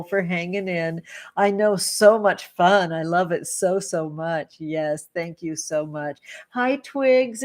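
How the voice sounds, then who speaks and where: A woman's voice: lowish voice, a little mellow. A woman hosting a casual livestream, gushing and affectionate, greeting viewers by name and calling them pet names. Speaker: livestream host, tarot reader and witch.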